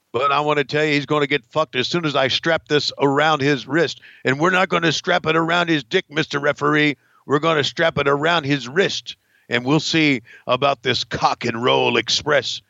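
A man's voice: a little high, steady tone, moderate pace, creaky, pushed and bright, no echo, muffled recording. A man putting on a gloating, mocking veteran villain wrestler who narrates his own moves.

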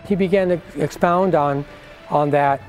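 A man's voice: fairly high pitch, measured pace, darkish tone, faint music behind. An older man giving an earnest personal faith testimony, acting out the voices of people in his story.

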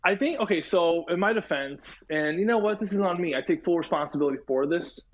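A man co-hosting a sports podcast, telling stories in a lively, self-mocking way and acting out what people said. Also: a little high, a little fast, dull audio. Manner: animated storyteller, acts out quotes. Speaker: podcast co-host, former hockey player. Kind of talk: casual chat.

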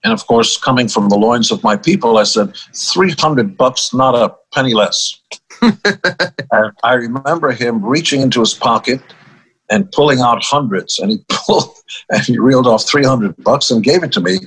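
A man's voice: mid-range voice, moderate pace, a bit bright, breathy edge, low-quality recording. An older man, a musician guest in an interview, telling stories in a wry, easygoing way and laughing at his own punchlines. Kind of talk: storytelling interview talk.

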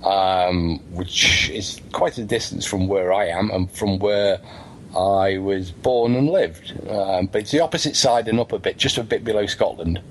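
A man's voice: low voice, measured pace, a little hiss or hum, rough recording. A man with an English accent co-hosting a talk show, explaining things hesitantly with many ums. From England. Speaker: co-host. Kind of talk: casual chat.

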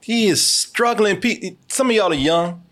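Male podcast host, slightly high voice, animated and joking, swears freely while riffing on a film. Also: unhurried. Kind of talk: casual movie commentary.

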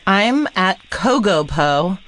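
A woman's voice: mid-range voice, very animated, slow pace, fairly bright tone, no room sound. Dry, wry woman podcast guest. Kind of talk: casual chat.

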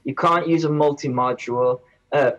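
Guy on a podcast, kinda high voice, rambly, keeps restarting. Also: steady tone, moderate pace, fairly bright tone, dull audio. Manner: rambling, self-interrupting. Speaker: guest reviewer. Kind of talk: casual podcast chat.

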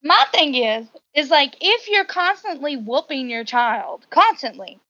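A woman co-hosting a podcast in casual chat, animated and indignant, her voice rising sharply as she makes her points. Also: sits high, unhurried, dry recording. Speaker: podcast co-host. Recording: dull lo-fi recording.

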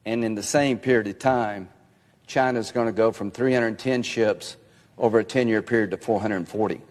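A man's voice: on the low side, steady tone, moderate pace, darkish tone, in a large hall. A man giving a political speech in an insistent tone, played back as a clip.

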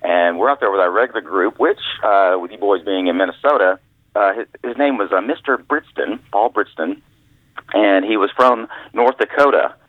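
An author and former caddy, guesting on a storytelling phone interview, tells rambling, folksy stories full of restarts. His voice is on the low side at a moderate pace, coming through a tinny, dry telephone line.

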